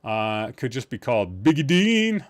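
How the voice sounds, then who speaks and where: A man's voice: mid-range voice, sing-song, normal speed. A man hosting a live-streamed podcast from a room at home, chatting casually, rambling and teasing his chat with jokes.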